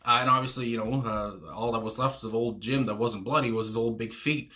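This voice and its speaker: A man's voice: mid-range voice, fairly even intonation, brisk, few pauses, sharp tone. A young man hosting a casual music reaction, rambling with many fillers and restarts and laughing often. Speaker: music reaction channel host.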